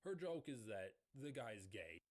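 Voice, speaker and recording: A man's voice: mid-range voice, big pitch swings, measured pace. A man commentator with a dry, dismissive manner, reading and reacting to posts. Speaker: video commentator.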